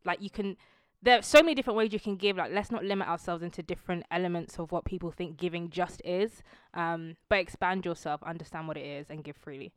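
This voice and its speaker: Female podcast guest, lowish smooth voice, dry close sound, earnest and convinced. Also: steady tone, quick pace, no echo. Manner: earnest, quotes scripture with conviction. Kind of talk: casual faith podcast chat.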